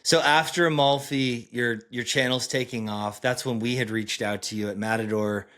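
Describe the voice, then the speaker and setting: A male podcast host with an ordinary mid-range voice. He asks friendly, rambling questions in a relaxed interview. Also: mid-range voice, normal speed.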